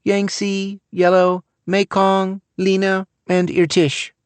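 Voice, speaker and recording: Man doing a flat-voiced quiz-whiz girl. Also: sits high, slow pace, clear, resonant tone, no room sound, pitched above the performer's own voice. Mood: listing, offhand.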